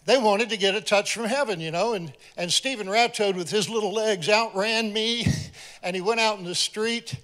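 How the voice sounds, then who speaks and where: High-voiced man preaching a story. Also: normal speed. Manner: animated storyteller, acts out quoted voices. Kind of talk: sermon with storytelling.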